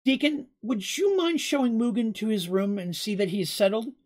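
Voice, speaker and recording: A man voicing a kind, gracious woman in a storybook reading, speaking gently and reassuringly. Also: high voice, normal speed, pitched above the performer's own voice, lightly acted.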